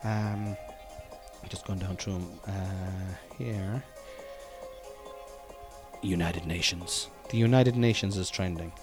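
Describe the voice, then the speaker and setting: A man in his forties hosting a casual solo podcast, rambling and joking with swearing and sudden loud bursts. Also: sits low, steady tone, takes it slowly, long pauses, over music. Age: 40s. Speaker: podcast host.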